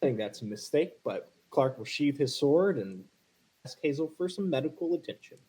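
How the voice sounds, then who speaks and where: A man's voice: a little high, lively intonation, moderate pace, warm tone, slightly rough, rough recording. A man playing a tabletop role-playing game, objecting bluntly to the group's choices. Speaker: player.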